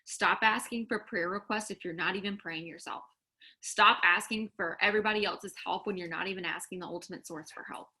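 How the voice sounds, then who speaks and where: A woman's voice: mid-range voice, fairly even intonation, fairly quick, pushed and bright. Earnest woman. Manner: candid, earnest, exhorting, with many fillers. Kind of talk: casual faith pep talk to followers.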